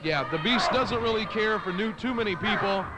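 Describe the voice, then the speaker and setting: A man's voice: high-pitched, moderate pace, heavy background noise. A man doing brash, taunting color commentary for a wrestling show, boasting and mocking the wrestlers.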